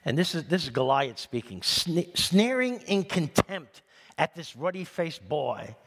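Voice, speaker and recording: A man pastor from New City, preaching in an animated, conversational way with humorous asides. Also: fairly high pitch, measured pace. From New York City. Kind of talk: sermon. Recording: long hall reverb.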